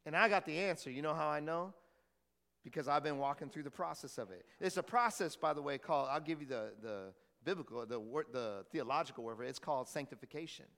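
A man preaching to his congregation in a loose, conversational way, often checking in with them through questions. His voice sits high for a man. The sound carries the long reverb of a church hall. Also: expressive, quick pace, gravelly, fairly bright tone. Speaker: pastor. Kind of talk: sermon.

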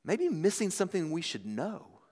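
A man in his thirties preaching a sermon as a pastor, with dramatic swings between loud and hushed delivery. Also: high voice, wildly swooping pitch, moderate pace. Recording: long reverb of a large hall.

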